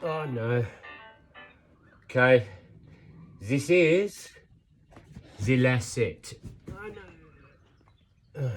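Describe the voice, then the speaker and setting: A man in his fifties films an outdoor workout vlog, counting reps and chatting through his routine like an encouraging coach. His mid-range voice is expressive but very slow, with long pauses. Faint music plays behind him, and the audio quality is poor.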